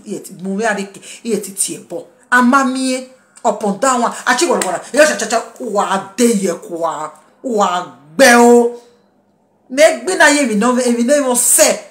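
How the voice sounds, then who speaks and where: Woman, defiant social-media rant, scolding critics, slightly high voice, roomy echo. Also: lively intonation, normal speed, fairly bright tone. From Nigeria. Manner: defiant, scolding, mixing pidgin English and a local language. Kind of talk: angry rant to followers.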